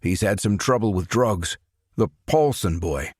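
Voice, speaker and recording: A man voicing a calm, careful middle-aged priest on the phone, polite and hushed. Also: fairly low pitch, a little slow, husky, dry recording, clean studio sound. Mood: urgent.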